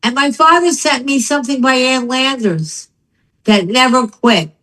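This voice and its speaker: An older woman, a guest in a casual chat, tells her story in a high-sitting voice at a measured pace. The recording is rough, and she narrates with animation, acting out the people she quotes.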